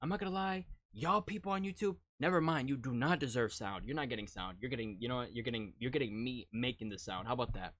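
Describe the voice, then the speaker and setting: A man casually talking through a live-stream reaction, teasing his viewers, laughing and jumping suddenly from quiet to loud. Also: medium pitch, quick pace, few pauses, no echo, clean studio sound. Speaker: streamer reacting to music videos.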